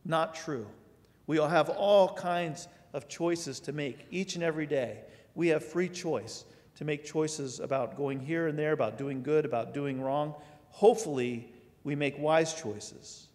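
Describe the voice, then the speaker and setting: A man's voice: on the high side, a little slow, darkish tone. A man preaching a sermon as pastor in a conversational way, asking his listeners rhetorical questions. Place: church sanctuary. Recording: long hall reverb.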